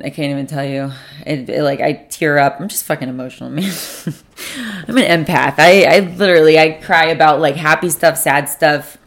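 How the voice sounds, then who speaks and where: A young woman hosting a solo podcast, chatting casually at a table at home, rambling, swearing often and correcting herself as she goes. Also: low voice. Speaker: podcast host.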